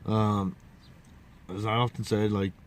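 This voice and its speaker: Low-voiced man rambling folksily. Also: little pitch movement, unhurried, a little hiss or hum. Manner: rambling, folksy, restarts and trailing asides. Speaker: vlogger. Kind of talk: casual rambling monologue.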